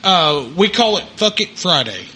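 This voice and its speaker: A man's voice: sits high, very animated, moderate pace, pushed and bright. A man, laid-back, chatting casually as the podcast host. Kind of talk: casual chat.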